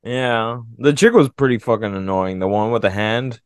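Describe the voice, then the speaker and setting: A man's voice: mid-range voice, moderate pace, clean tone, dry recording, studio quality. A man co-hosting a podcast, chatting casually about a movie in a blunt, crude way. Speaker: podcast co-host.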